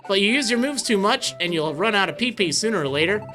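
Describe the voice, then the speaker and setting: A woman's voice: mid-range voice, lively intonation, fast talker, fairly bright tone, soft background music, lightly acted. A woman voicing a folksy, country-talking male leaf creature who acts as a helpful guide in a game, with a drawling, homespun manner. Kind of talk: reading game dialogue aloud.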